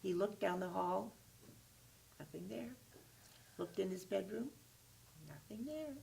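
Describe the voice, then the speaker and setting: A woman storyteller telling a tale to children in an animated, expressive way. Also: medium pitch, slow pace, creaky, a little hiss or hum. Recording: voice far from the mic.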